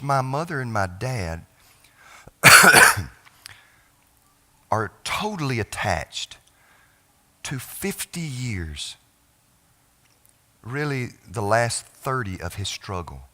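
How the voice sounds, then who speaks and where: A middle-aged man, a pastor telling a personal family story in a sermon, with halting restarts and phrases that trail off softly. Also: mid-range voice, big pitch swings. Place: church sanctuary.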